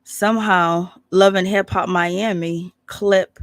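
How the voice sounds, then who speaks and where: A woman's voice: fairly low pitch, steady tone, slow pace, no echo. A woman recapping a reality TV show in a casual, rambling, opinionated way, often laughing as she talks. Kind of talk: casual commentary.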